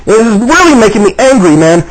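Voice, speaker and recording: Fast and high-pitched, with big swings in pitch, this man vents to camera in an agitated personal monologue full of repetition and restarts. The recording quality is low.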